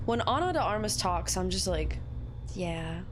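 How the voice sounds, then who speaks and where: A woman's voice: medium pitch, sing-song, fairly quick, background noise. A young woman streaming a game, joking and bantering with her chat. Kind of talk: casual gameplay chat.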